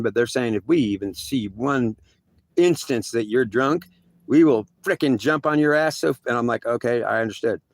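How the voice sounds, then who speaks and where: A man telling a first-person story in a rambling, halting way, full of restarts and acted-out exchanges. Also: mid-range voice, gravelly, dry recording. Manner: halting, repetitive, many restarts; acts out other people's voices in quick back-and-forth.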